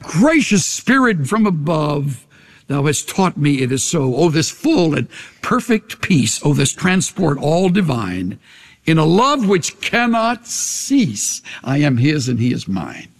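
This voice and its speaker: Older male pastor, earnest sermon, hushed to raised, long hall reverb. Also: a little high, sing-song, slow pace.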